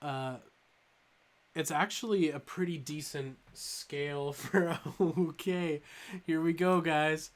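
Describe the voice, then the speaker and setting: Streaming live from home, a young toy channel host speaks in a slightly high, steady voice and takes his time. He rambles in a loose, joking manner, leaning on lots of ums as he answers chat.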